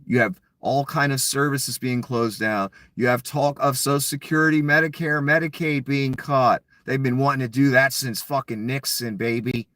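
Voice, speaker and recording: A man's voice: mid-range voice, fairly even intonation, moderate pace, hardly any pauses, bright, forceful tone, no room sound. A man giving a blunt, mocking solo commentary, full of profanity. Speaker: political commentator.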